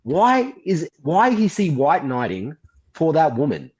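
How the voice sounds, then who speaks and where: A man's voice: a little high, wildly swooping pitch, unhurried, darkish tone. A man recapping events on a livestream and mocking the people he quotes. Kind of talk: casual livestream commentary. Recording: muffled lo-fi stream audio.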